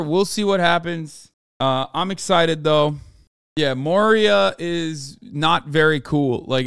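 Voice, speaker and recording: Dude streamer going off, cussing, smooth voice, dry sound no room. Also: male voice, fairly high pitch, a bit bright, no echo. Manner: exasperated, profane, emphatic. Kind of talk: casual rant.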